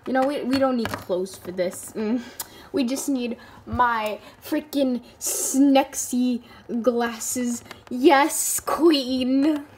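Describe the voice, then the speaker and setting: A woman's voice: high-pitched, extremely slow, darkish tone, slight background noise. A woman narrating a playful toy skit in a silly, joking way. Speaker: toy video maker.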